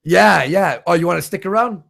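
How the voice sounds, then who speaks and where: A man's voice: sits high, creaky, fairly bright tone. A man hosting a livestream, reading out viewer donations in a loose, profane, joking way. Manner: loose and profane, quick laughs. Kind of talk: casual livestream chat.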